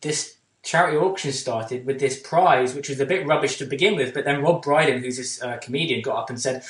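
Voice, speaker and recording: A man chats casually as a podcast co-host, drifting through a long story with plenty of ums and false starts. His voice sits at an ordinary middle pitch. The room around him gives a noticeable echo. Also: fairly quick, recorded from a distance. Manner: rambling anecdotes full of fillers and restarts. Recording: roomy echo.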